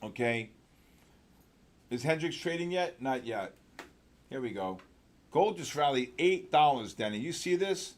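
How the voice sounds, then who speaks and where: A man hosting a live trading session, talking fast and excitedly with sudden loud exclamations. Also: mid-range voice. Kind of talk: live trading room commentary.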